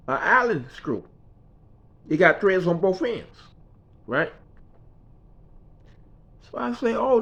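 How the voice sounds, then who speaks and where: High-voiced man telling a story. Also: highs cut off. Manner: conversational, repetitive, checks in with "right?". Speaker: speaker. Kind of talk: personal storytelling talk.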